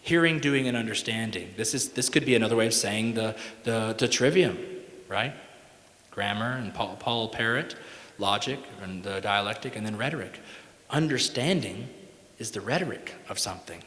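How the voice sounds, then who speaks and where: A man's voice: lowish voice, normal speed, a bit bright. A man giving a conference talk on music teaching, folksy and emphatic, often checking in with "right?". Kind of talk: conference lecture with sung examples. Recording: echoey hall with long reverb.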